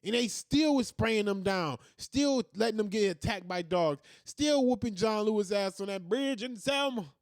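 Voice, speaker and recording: Host, male, high-pitched, fiery profane rant, dry close sound. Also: lively intonation, normal speed, hardly any pauses, no room sound. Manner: heated, ranting, profane. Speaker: commentary host. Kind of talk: opinion monologue.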